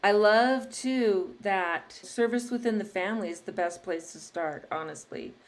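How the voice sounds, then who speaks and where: A woman hosting a podcast, chatting casually and telling lively stories with frequent laughter. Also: medium pitch, a little slow. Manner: lively storyteller, laughs often. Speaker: podcast host. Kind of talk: casual interview chat.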